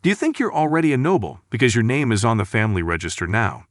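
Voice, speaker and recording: Spoiled noble sibling, scornful and hostile, lively delivery, read by a man. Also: medium pitch, quick pace, no echo, studio quality, lightly acted.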